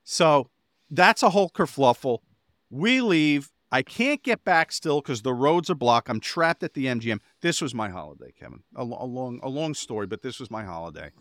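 A man's voice: mid-range voice, big pitch swings, moderate pace, fairly bright tone, no room sound, clean studio sound. A man co-hosting a podcast, telling a rambling anecdote in casual chat and getting exasperated as he goes. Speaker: podcast co-host.

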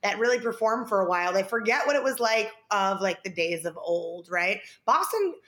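A woman's voice: mid-range voice, animated, normal speed, fairly bright tone. A woman co-hosting a casual sports podcast, chatty, filling her talk with "like" and "right?". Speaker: podcast co-host.

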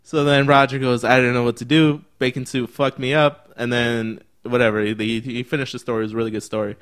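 Casual young man, excitable storyteller, does everyone's voices, swears a lot, mid-pitched. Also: quick pace, smooth. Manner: animated storyteller, acts out other people's lines, swears a lot. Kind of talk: casual chat.

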